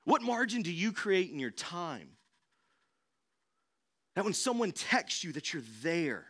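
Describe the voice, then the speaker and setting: A man's voice: high voice, big pitch swings, measured pace, fairly bright tone. Emphatic young male pastor preaching. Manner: emphatic, repeats key phrases, asks the congregation questions. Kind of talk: sermon.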